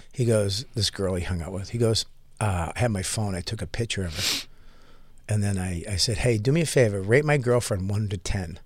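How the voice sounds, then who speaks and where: A man's voice: lowish voice, a little fast, no room sound. A man hosting a comedy podcast, trading stories in casual chat, swearing freely and mimicking other voices. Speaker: podcast host.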